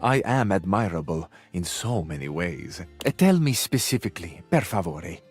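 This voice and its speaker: An actor playing a flirtatious, self-admiring Italian cabinet man with a smooth, seductive delivery, over game music. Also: low voice, sing-song, normal speed, exaggerated voice. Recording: game audio with background music.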